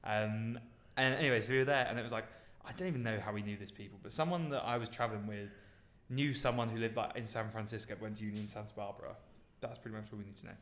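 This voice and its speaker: A man's voice: fairly low pitch, steady tone, quick pace, few pauses, fairly bright tone. A young British man co-hosting a podcast, telling stories casually with lots of "like" and fillers. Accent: British English. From Britain. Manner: rambling storyteller with many fillers. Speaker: podcast co-host. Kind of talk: casual chat. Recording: roomy echo.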